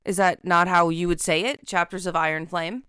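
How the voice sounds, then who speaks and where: A woman's voice: fairly low pitch, steady tone, moderate pace, sharp tone, smooth, dry recording, studio quality. A woman co-hosting a podcast in casual chat, giggly, swearing freely and joking at her own expense. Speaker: podcast co-host.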